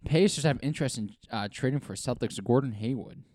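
A man's voice: mid-range voice, brisk, a little mellow, a little hiss or hum. A man co-hosting a casual sports podcast, rambling eagerly through his opinions. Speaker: podcast co-host.

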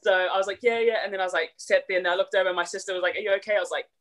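A young woman with a New Zealand accent, a podcast guest telling stories in casual chat, quick and full of fillers. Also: fairly low pitch. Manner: rapid, animated storytelling with many fillers.

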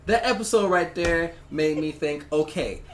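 Brief: mid-pitched podcast co-host, wry and teasing, audible noise and clicks. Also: moderate pace. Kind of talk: casual chat. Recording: clear background noise with clicks.

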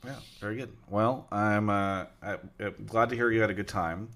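Chatty stream host reading off subs. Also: male voice, on the low side, steady tone, moderate pace, fairly bright tone. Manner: chatty, reads out subs with frequent fillers. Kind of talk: live-stream talk show hosting.

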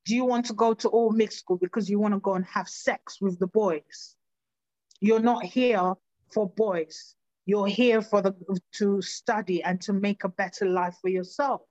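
A woman's voice: medium pitch, fairly even intonation, measured pace, dry recording, close to an everyday voice. A strict, stern mother snaps and scolds her child, a woman quoting her, in a plain mid-range voice on a dull, dry lo-fi recording. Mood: scolding. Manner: scolding, sharp.

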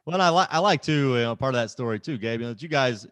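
A man's voice: medium pitch, expressive, very fast, a bit bright, dry recording. A man hosting a podcast, talking casually and emphatically, often repeating words as he starts a sentence. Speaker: podcast host. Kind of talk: casual conversation.

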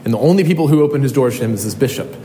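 Earnest young pastor preaching in an echoey hall. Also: male voice, mid-range voice, expressive, racing, warm tone. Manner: earnest storytelling with frequent ums and restarts. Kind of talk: sermon. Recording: echoey hall, faint noise.

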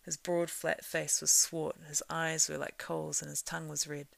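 A woman reads a novel aloud in a low, gravelly voice at a moderate pace, holding a steady storytelling line that swells during the action. The sound is close and dry, with no room around it.

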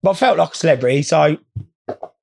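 A man's voice: a little high, animated, fast, gravelly, darkish tone. A man telling rambling, sweary comic anecdotes in a blokey way. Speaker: storyteller. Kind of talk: comic storytelling.

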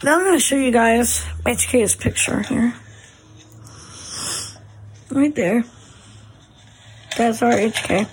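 A woman's voice: fairly high pitch, slow, pauses often, a little hiss or hum, poor audio. A middle-aged woman, chatting in a gushing way as a mother vlogging from her family home. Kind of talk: casual home vlog.

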